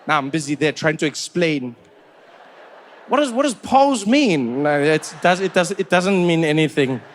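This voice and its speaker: A man's voice: on the high side, normal speed, slight background noise. A man from South Africa doing stand-up, telling stories and acting out the people in them. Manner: animated, acts out the people in his stories. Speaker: stand-up comedian. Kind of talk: stand-up storytelling.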